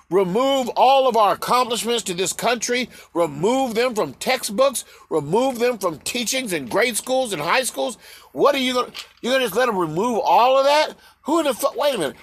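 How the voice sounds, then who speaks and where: Talking straight to the camera, this man delivers a furious, profane rant packed with rhetorical questions and tripped-up restarts. His voice is very high-pitched and a bit bright.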